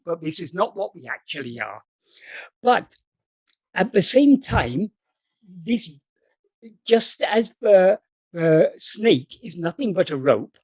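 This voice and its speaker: Brief: man, spiritual teacher on a video call, methodical and patient, somewhat high voice, dry close sound. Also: a little mellow, breathy edge, dry recording. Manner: careful, methodical, rephrases points for clarity. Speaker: spiritual teacher answering questions. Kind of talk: explanatory talk on scripture.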